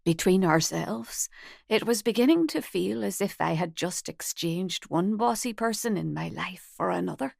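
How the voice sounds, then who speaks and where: A woman narrator voicing a soft-spoken elderly woman who speaks quietly. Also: fairly low pitch, expressive, normal speed, vocal fry, no echo, clean studio sound, full character voice. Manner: quiet, then firm.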